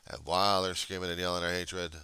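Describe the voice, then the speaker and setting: Deep, gravelly man, blunt and sarcastic. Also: little pitch movement, a little fast, sharp tone, dry recording. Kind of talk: casual chat.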